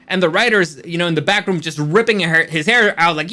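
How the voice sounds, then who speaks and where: A man with a high voice delivers casual rant-style commentary as a channel host. His tone is bright and forceful, and he rambles bluntly with plenty of swearing. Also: quick pace, few pauses.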